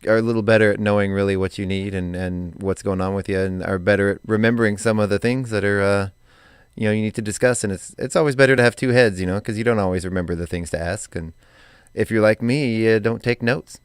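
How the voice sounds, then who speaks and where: A man's voice: on the low side, steady tone, fast talker, clear, resonant tone, dry recording. A man co-hosting a morning radio show, reading daily items with chatty asides in a studio. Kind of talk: casual radio chat. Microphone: studio mic.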